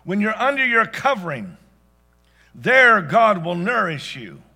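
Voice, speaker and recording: A man preaching a sermon as pastor, dynamic, swinging from loud exclamations to hushed asides. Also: sits high, very animated, a little slow, faint music behind.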